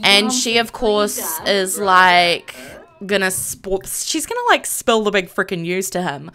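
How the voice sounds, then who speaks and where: Young woman game streamer, bubbly and giggly, bright voice that swings up and down. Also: medium pitch, lively intonation, measured pace. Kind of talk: casual live-stream narration of a life-sim game.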